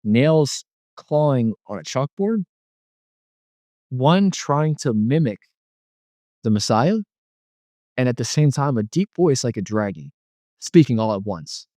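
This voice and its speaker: Young man, personal testimony, earnest, rambling with restarts, middle pitch, dry close sound. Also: big pitch swings, slow pace, pauses often, mellow, dry recording. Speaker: guest telling his testimony.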